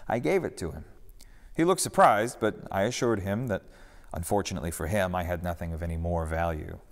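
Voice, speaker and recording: A man voicing a good-natured rabbi teacher who speaks calmly and matter-of-factly in a reverberant hall. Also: low-pitched, a little fast. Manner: unruffled, gently matter-of-fact.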